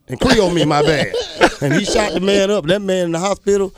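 A comedian telling funny stories on a morning radio show, acting out the people in them and laughing often. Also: male voice, high voice, fairly quick, dry recording, clean studio sound. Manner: animated storytelling, laughing, acting out quotes. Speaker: comedian guest. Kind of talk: casual radio chat. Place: radio studio. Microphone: studio microphone.

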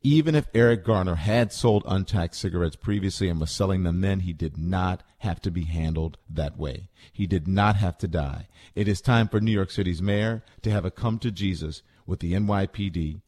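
Man, low register, radio commentator; deliberate, blunt read of a news story. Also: darkish tone.

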